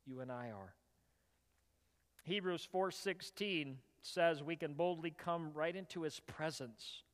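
A male pastor with a fairly high voice delivers a sermon in a large reverberant hall. His storytelling is animated, and it swells into loud, emphatic bursts before settling back down. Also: takes it slowly.

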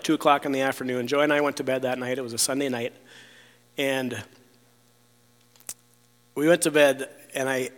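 A man's voice: medium pitch, fairly bright tone, in a large hall. A man telling a personal testimony in casual speech, rambling with many fillers and restarts, sometimes acting out what others said. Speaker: storyteller sharing a testimony.

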